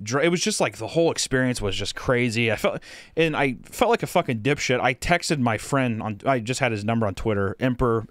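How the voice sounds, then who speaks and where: Male podcast co-host, mid pitch, dry close mic, rambling profane storyteller. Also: a bit bright, no room sound. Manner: profane, rambling with many fillers. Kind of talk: casual storytelling.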